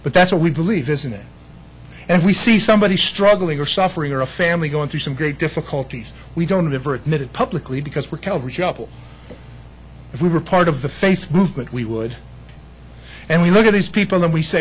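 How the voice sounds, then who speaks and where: A man preaching a sermon as pastor, animated, acting out other people's voices with self-deprecating humor. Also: fairly high pitch, brisk, husky, poor audio.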